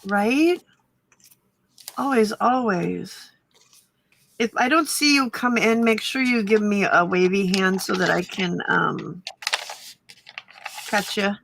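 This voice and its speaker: A woman chatting casually on a livestream, giggling often and filling pauses with ums. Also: mid-range voice, vocal fry, a bit bright, a little hiss or hum. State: slightly husky morning voice. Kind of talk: casual chat.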